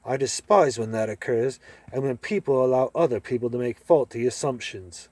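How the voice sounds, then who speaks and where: A man's voice: high voice, animated, measured pace, a little mellow, no room sound, voice pushed up. A man voicing a joking teenage boy who hams up servile whimpers and mock courtesy in a story reading. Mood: mock pompous. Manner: theatrical, exaggerated courtesy.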